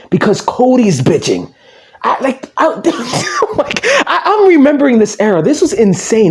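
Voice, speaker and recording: Male YouTuber, mocking rant; mellow tone, slightly raised pitch. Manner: mocking, quotes fans in whiny voices, laughs. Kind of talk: ranting commentary.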